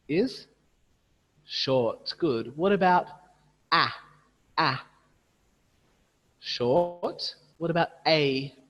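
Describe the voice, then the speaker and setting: A man leading an online teacher training, patiently modelling words slowly and repeating them for his audience over a video call. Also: fairly high pitch, big-room sound, lo-fi sound. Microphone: computer mic on a video call.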